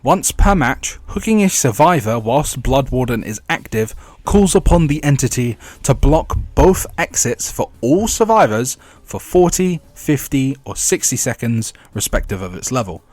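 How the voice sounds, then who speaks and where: A man's voice: medium pitch, sing-song, measured pace, a little mellow, no room sound. Dry-voiced man ranting about a game. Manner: blunt, rambling, wry asides. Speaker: gaming YouTuber. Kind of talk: casual game commentary.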